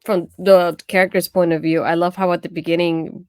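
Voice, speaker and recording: A woman's voice: lowish voice, flat delivery, brisk, a little mellow, smooth, no room sound, clean studio sound. A woman co-hosting a podcast, chatting casually and relaxedly with lots of filler words. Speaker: podcast co-host. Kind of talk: casual chat.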